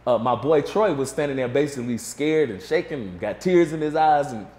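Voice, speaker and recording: A man's voice: mid-range voice, brisk. Man telling a story, roomy sound. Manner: animated storyteller, acts out quotes. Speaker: interview guest. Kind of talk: casual storytelling interview.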